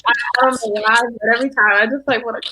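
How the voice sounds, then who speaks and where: A woman's voice: fairly high pitch, steady tone, fast, noisy background. A young woman on a video call, emotional and near tears, rambling as she searches for words. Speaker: guest performer. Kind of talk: casual interview chat.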